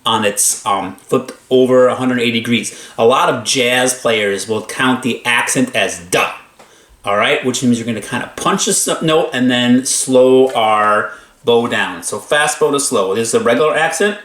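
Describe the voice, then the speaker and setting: A man's voice: mid-range voice, moderate pace, a bit bright. Upbeat man teaching violin bowing. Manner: upbeat, talks between playing, counts aloud. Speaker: string teacher. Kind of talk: instrument lesson demonstration. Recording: echoey room with violin playing. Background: violin playing.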